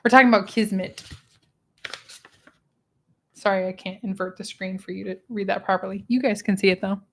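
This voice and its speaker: A woman hosting a casual book club livestream, chatty and expressive, who laughs often, talking into a small clip-on mic. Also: medium pitch, normal speed. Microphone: small clip-on microphone.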